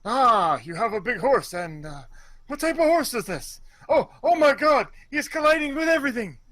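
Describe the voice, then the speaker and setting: A man puts on an old gentleman author, baffled and halting as he fumbles through an online game. The voice is bright and fairly high for a man. The recording is dry and close-miked. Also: very animated, dry recording, exaggerated voice. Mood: bewildered. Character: elderly male author, puzzled by a computer game.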